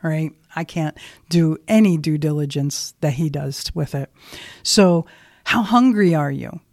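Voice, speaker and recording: A woman gives a motivational talk, telling a workplace story conversationally and putting direct questions to her listeners. Her voice sits low and a little mellow, and she speaks somewhat slowly. The recording is studio quality with no room sound.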